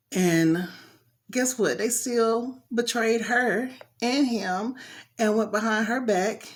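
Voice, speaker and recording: A woman reading a Bible story aloud in a casual way, stopping to comment on it in slangy asides. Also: lowish voice. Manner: chatty, talks back to the story with slang asides.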